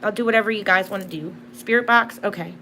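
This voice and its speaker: A woman's voice: medium pitch, fast, pushed and bright, a little hiss or hum. A young woman hosting a casual livestream from home, telling stories in a chatty way full of fillers. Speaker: livestream host.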